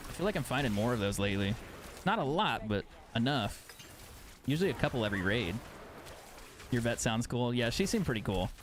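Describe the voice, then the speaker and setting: A man's voice: on the low side, slight background noise. A young man streaming a game live, chatting casually and sarcastically, swearing freely. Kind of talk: casual chat while gaming live.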